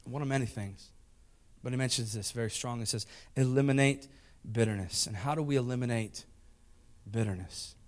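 A man preaching a sermon, emphatic and repetitive, swinging from loud shouting down to a hushed, intimate tone. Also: medium pitch, a little fast, long pauses. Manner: emphatic, repeats lines for emphasis. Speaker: pastor.

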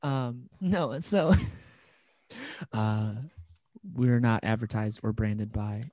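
A man's voice: mid-range voice, extremely slow, darkish tone, no room sound. A man co-hosting a podcast, telling stories in casual chat and filling his sentences with "like". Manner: rambling storyteller, lots of "like". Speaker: podcast co-host.

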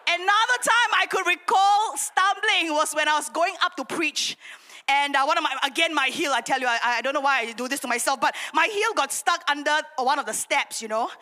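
Bright animated woman preacher. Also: high voice, a little fast. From Singapore. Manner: animated storytelling, self-mocking with laughs and acted gasps. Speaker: pastor. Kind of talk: sermon.

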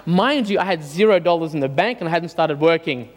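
Man, forties, storytelling talk, high voice, long echo. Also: fairly quick. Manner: animated, self-mocking, many fillers. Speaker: speaker addressing an audience.

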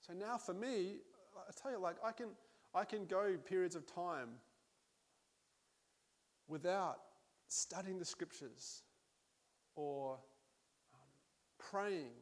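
A man's voice: sits high, slow, long pauses. A man preaching a sermon in a conversational way, with laughing asides and frequent restarts.

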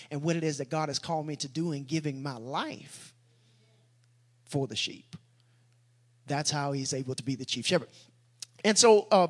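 A man preaching a sermon, moving from quiet reflection to loud, emphatic declarations. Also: a little high, breathy edge.

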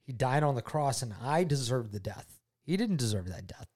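A man speaking to his daughter, telling his faith testimony in an earnest, heartfelt way, often repeating himself and going quiet when moved. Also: medium pitch, very animated, moderate pace. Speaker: father talking with his daughter.

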